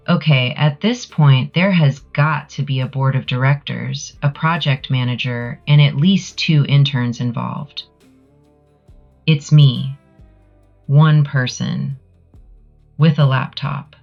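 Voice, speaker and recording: A woman's voice: very deep voice, slow pace, creaky, highs cut off, soft background music. A woman with a Southern US accent giving a sassy, emphatic commentary monologue to camera. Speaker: channel creator.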